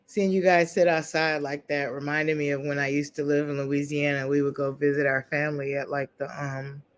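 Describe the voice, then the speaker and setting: A host on a casual livestream who greets viewers by name and jokes around in relaxed, playful slang. The voice sits in an ordinary middle register. The delivery wanders easily from teasing to storytelling. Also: mid-range voice, normal speed. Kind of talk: casual live chat with viewers.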